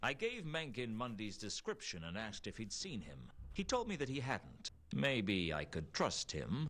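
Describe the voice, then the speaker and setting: An actor playing a world-weary private detective, delivering dry, deadpan wisecracks in hard-boiled game dialogue. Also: male voice, mid-range voice, a little slow, exaggerated voice. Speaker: noir detective narrator.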